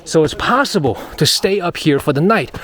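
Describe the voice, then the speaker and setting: This travel vlogger's voice sits high, expressive and a bit bright, at a moderate pace. Hiking up a mountain trail outdoors, he narrates chattily, thinking aloud and repeating himself as he gets out of breath.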